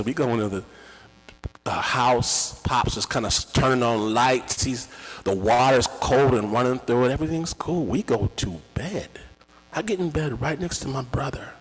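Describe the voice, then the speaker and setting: A man telling a dramatic, emotional personal story at a slow pace at a live event. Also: medium pitch, expressive, breathy edge. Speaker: storyteller and podcast host. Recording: reverberant hall.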